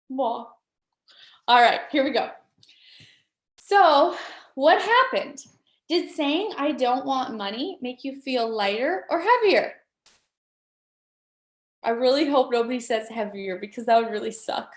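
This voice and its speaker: A woman with a fairly high voice leads a live online motivational workshop. She is playful and upbeat, coaxing her audience along. The sound is roomy, with clear echo around her. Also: lively intonation, a little slow, pauses often. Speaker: workshop facilitator.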